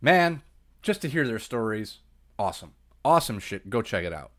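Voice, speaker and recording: A man's voice: fairly low pitch, very animated, moderate pace, a bit bright. A man co-hosting a podcast, easygoing and joking in rambling casual chat. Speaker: podcast co-host.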